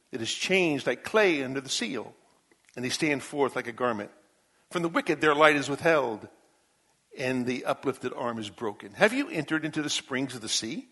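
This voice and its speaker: A male pastor preaching a sermon, reading scripture aloud and addressing Job directly, swinging from booming to hushed.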